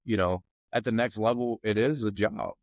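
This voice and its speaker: A man's voice: on the low side, fairly even intonation, moderate pace, dry recording. Rambling man with a dry sound. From McKeesport area, Pennsylvania. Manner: rambling, many fillers like "you know what I mean". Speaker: podcast guest, former football player. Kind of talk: casual podcast conversation.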